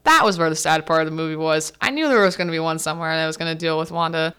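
Speaking rapid-fire in a low, slightly bright, clean voice, a young woman hosts a student podcast. She laughs through a casual recap of a film and plays out the characters' dialogue.

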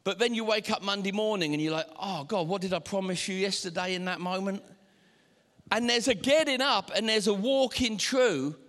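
Animated male pastor, high voice, sermon in a reverberant church hall. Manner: animated, acts out voices and shouts. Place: church auditorium.

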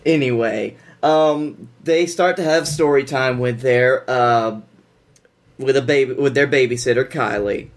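A man's voice: mid-range voice, a little slow. A man co-hosting a podcast, recapping a movie with dry sarcastic asides. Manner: wry, sarcastic, hesitant with fillers. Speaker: podcast co-host. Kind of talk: casual movie review chat.

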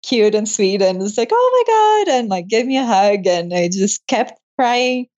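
A woman's voice: medium pitch, normal speed, darkish tone. Laughing young woman, emotional storyteller. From moved to Canada. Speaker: guest, medical student. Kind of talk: casual interview chat. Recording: muffled lo-fi audio.

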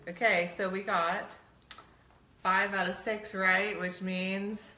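A woman's voice: medium pitch, flat delivery, takes it slowly, bright, forceful tone, roomy sound. A middle-aged woman co-hosting a playful couples quiz game, teasing and laughing often. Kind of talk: casual chat.

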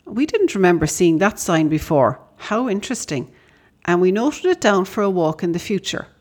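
A woman's voice: fairly low pitch, sing-song, normal speed. Irish woman reading a story letter. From Ireland. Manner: warm storytelling, conversational asides. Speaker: podcast host.

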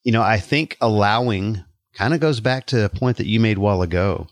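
A man with a low voice hosts a faith conversation, thoughtful and affirming as he reflects on his guest's words. The recording is dry and close, with little room sound. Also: a little fast, no echo. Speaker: host.

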